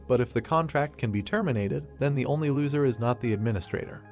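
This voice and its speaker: A man narrating a story recap from a script, reading at a steady, even pace. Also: medium pitch.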